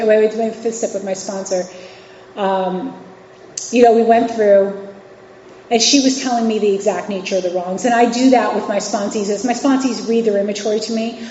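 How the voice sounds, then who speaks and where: A woman's voice: mid-range voice, dark tone, a little hiss or hum. Candid woman speaking in an echoey hall. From New York City and Virginia. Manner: candid, conversational, with frequent fillers and restarts. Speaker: guest speaker at a recovery meeting. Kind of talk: personal recovery share. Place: meeting hall. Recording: echoey hall, dull lo-fi sound.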